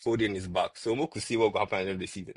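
A man with a husky voice, chatting casually about football as a podcast co-host and repeating words as he argues. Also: on the low side, very fast, dry recording. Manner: animated, repeats words when arguing.

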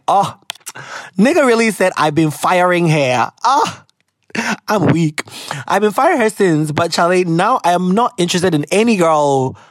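Lively, chatty young woman podcast host. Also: fairly low pitch, no echo, clean studio sound. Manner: animated and chatty, laughs often, goes off on tangents, mixes in Twi slang. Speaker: podcast host reading listener letters. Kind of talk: casual chat.

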